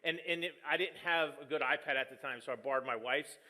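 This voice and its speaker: A man's voice: mid-range voice, fast, bright, forceful tone. A man preaching a conversational sermon as pastor, telling stories with jokes and poking fun at himself. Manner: joking, storytelling, self-deprecating.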